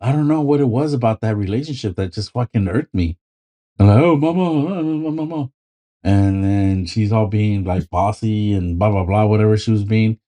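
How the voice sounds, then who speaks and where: A man's voice: fairly low pitch, a little fast, dark tone. A man co-hosting a podcast in casual chat, rambling with many ums and swearing freely. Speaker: podcast co-host.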